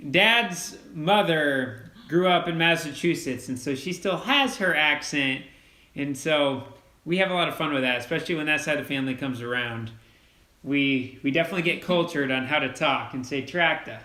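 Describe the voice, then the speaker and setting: A young man hosting a casual farm livestream, upbeat and quick as he thanks donors by name. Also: fairly high pitch, pushed and bright. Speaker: channel host reading donations. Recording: roomy echo.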